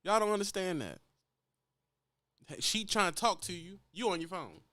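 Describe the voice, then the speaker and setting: A man's voice: high-pitched, big pitch swings, normal speed, sharp tone, no room sound. A man with a Louisiana accent, a truck driver lecturing bluntly and profanely in a ranting vlog.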